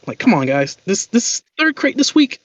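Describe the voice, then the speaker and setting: A man voicing a brash elven woman who runs an item shop, scolding loudly and briskly. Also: sits high, sing-song, pitched above the performer's own voice. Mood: exasperated. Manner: loud, exasperated scolding. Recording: dull lo-fi audio.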